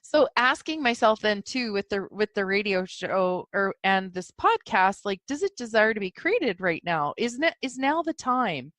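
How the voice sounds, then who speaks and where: Her medium-pitched voice has a sing-song lilt and a slightly bright tone, moving at a moderate pace with hardly any pauses. Alone on her casual podcast, the sleepy host yawns, giggles, and rambles about spirituality, and there's no echo.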